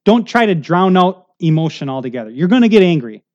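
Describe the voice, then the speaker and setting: A man's voice: sits high, big pitch swings, a little fast, darkish tone, muffled recording. A middle-aged male pastor preaching a sermon in a conversational, earnest way, often checking in with the congregation.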